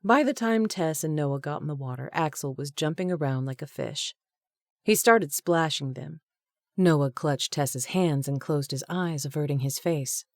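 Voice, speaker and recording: A woman narrating a romance audiobook in a steady storytelling manner. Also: low-pitched, unhurried, dry recording, studio quality. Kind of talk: scripted narration.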